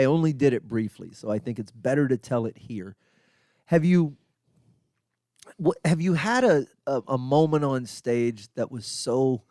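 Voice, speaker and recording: Man, medium pitch, podcast co-host, rambling profane storyteller, dry close sound. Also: no room sound. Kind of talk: casual chat, storytelling. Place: podcast studio.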